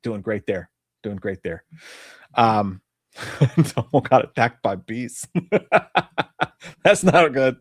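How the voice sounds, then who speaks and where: A man's voice: mid-range voice, lively intonation, slow, pauses often, no echo, clean studio sound. A man in his thirties co-hosting a casual live-stream chat show, rambling through stories and swearing freely. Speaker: podcast co-host.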